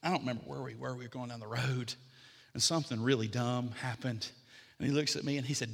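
A middle-aged man preaching a sermon as pastor, building to emphatic repeated lines, then easing into quiet, conversational teaching. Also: medium pitch, steady tone, fast talker, creaky, slightly rough, big-room sound.

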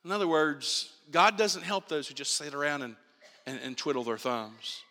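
A man's voice: a little high, normal speed. A man preaching a sermon as pastor, emphatic and repeating himself as he builds his points. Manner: animated, emphatic preaching with repetitions and restarts. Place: church sanctuary. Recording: reverberant church hall.

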